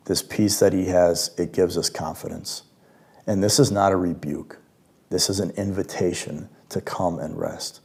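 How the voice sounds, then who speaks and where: Man, deep voice, mellow tone, gentle reflective devotional talk. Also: fairly even intonation, measured pace, creaky, breathy edge. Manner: gentle, reflective, with hushed quiet passages. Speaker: worship leader giving a devotional.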